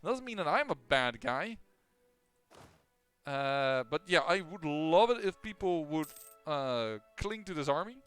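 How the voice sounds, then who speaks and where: A man's voice: fairly high pitch, sing-song, a little slow, fairly bright tone, clean tone, soft background music. A man casually commenting on his own strategy game as he plays, thinking aloud with lots of fillers and restarts. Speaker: gameplay commentator.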